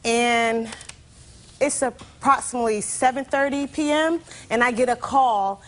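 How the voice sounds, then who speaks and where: A woman's voice: on the high side, measured pace. A woman in her twenties testifying as a plaintiff, telling her story animatedly with lots of "like". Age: 20s. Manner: animated storytelling, heavy use of "like". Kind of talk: courtroom testimony.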